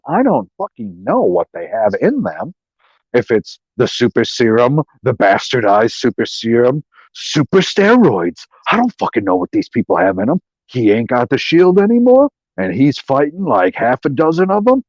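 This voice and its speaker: A man's voice: mid-range voice, sing-song, a little slow, a little mellow, no echo. A man hosting a live stream, ranting in a profane, sarcastic way and mimicking people he mocks. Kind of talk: profane casual rant. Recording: dull, dry lo-fi stream audio.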